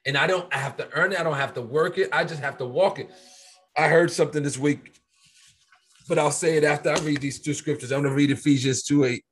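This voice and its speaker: A man in casual Bible-study conversation, reading scripture slowly and pressing his points with earnest repetition. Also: fairly high pitch, slight background noise. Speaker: co-host of a faith discussion.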